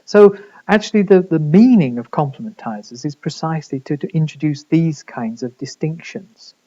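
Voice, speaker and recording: A man's voice: on the high side, expressive, normal speed, warm tone, highs cut off. A man giving a recorded university lecture, explaining step by step with frequent fillers and restarts. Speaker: linguistics lecturer.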